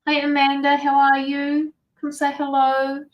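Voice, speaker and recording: A woman's voice: high-pitched, monotone, measured pace, dull audio. A woman tarot reader and medium, chatting casually on a livestream from her home studio, sympathetic and greeting viewers by name.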